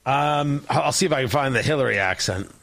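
A man's voice: medium pitch, a little fast, vocal fry, a bit bright. A male talk show host giving sarcastic, rambling political commentary. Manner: sarcastic, mocking, rambling with restarts.

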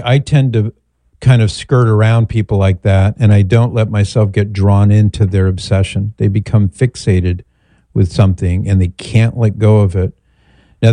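Male call-in host, middle-aged, low warm voice, rambling but measured. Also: no echo. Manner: measured, thoughtful, rambling asides. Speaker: radio show host. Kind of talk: call-in advice talk.

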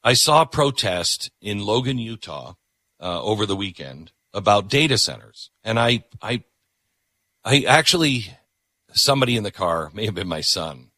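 A man's voice: on the low side, very animated, normal speed, bright, forceful tone, no room sound, studio quality. A man hosting a talk show, delivering an opinionated, emphatic monologue that repeats words for punch.

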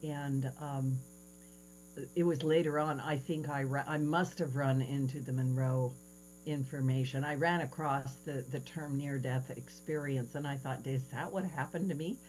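A woman in her sixties hosting a radio talk show, telling a story with lively quoted voices, over a faint hiss. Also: rumbling low, a little slow, poor audio. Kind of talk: casual interview chat.

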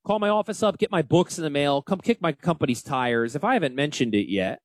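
A man in his forties with a Northern US accent, hosting a radio talk show on financial planning. He talks loudly and energetically, joking and yelling into a close mic. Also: on the high side, expressive, fairly quick, no echo. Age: 40s. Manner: loud, yelling. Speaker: financial advisor radio host. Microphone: close studio mic.

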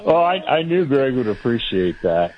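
A man co-hosting a talk radio show, teasing and animated. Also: mid-range voice, normal speed, dull audio. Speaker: radio co-host.

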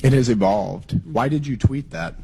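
A man with a hoarse voice from a cold, questioning a witness persistently at a hearing. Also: mid-range voice, moderate pace, dark tone, slight background noise. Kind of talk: hearing interrogation.

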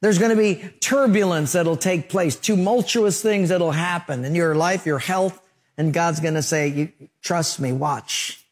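Male pastor, sermon delivery, lightly high-pitched, animated storyteller. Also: moderate pace. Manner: storytelling preacher, acts out scenes and sound effects.

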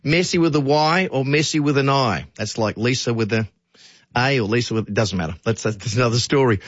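A man's voice: mid-range voice, a little fast, no room sound, highs cut off. A man with an Australian accent hosting a radio show in a chatty, jokey way, reading out listener texts. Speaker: radio host. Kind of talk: casual radio chat.

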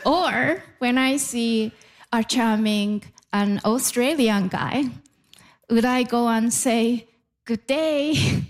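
Young woman stand-up comic, Japanese accent, deadpan, unhurried, slightly high voice. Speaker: stand-up comedian. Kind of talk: stand-up comedy set. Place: comedy club stage before a laughing audience.

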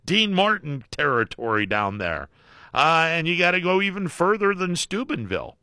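A man's voice: fairly high pitch, very animated, normal speed, sharp tone, no echo, clean studio sound. A man hosting a call-in radio show, jokey and folksy, often cutting in on callers. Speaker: radio talk show host.

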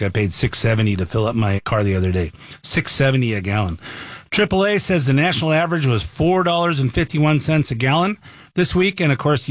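A man's voice: medium pitch, no echo. A man hosting a talk show, giving opinionated news commentary in a folksy, storytelling way. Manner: folksy, animated storyteller who voices quotes.

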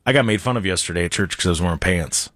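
A man's voice: deep voice, rapid-fire, fairly bright tone, no echo. A man hosting a radio show in the studio, chatting casually in a jokey, rambling way with many restarts. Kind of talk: casual talk radio banter. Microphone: studio microphone.

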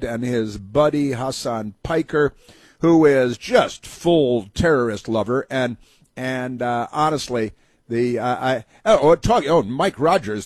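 Sarcastic husky-voiced male talk host. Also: medium pitch, darkish tone, no echo. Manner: sarcastic, mocking, rambling with many fillers. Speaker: radio talk show host. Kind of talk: political talk radio commentary.

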